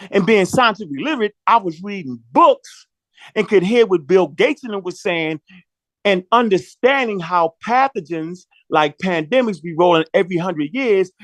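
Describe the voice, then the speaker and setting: A man's voice: high-pitched, no echo. A man telling a long story in a profane, slangy way, acting out the quotes as he goes. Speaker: podcast talker. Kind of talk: animated storytelling monologue.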